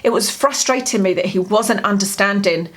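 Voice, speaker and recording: A woman's voice: mid-range voice, moderate pace, a bit bright. A woman vlogging a personal grief diary, telling a long story in a candid, rambling way with many fillers, from home.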